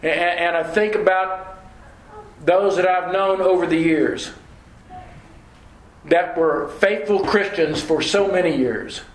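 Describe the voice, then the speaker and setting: A male preacher delivers a sermon in a high voice, driving his points home through deliberate repetition. His words ring out in an echoey church room.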